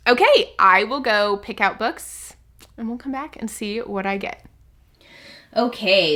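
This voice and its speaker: A woman book vlogger chatting casually to her viewers, excitable and nervous, with quick giggles. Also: a little high. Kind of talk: casual vlog chat to camera.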